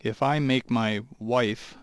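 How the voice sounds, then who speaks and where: A man, a lawyer guest, explaining legal ideas in a thoughtful, halting way on a talk show. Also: medium pitch, steady tone, no room sound, clean studio sound. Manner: thoughtful, halting, with many restarts.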